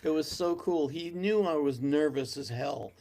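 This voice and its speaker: A man's voice: fairly high pitch, moderate pace, creaky, dark tone. A man co-hosting a live Q&A, telling a studio anecdote eagerly and laughing at himself. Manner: eager, self-amused storyteller. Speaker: co-host and studio producer. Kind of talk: casual live Q&A storytelling.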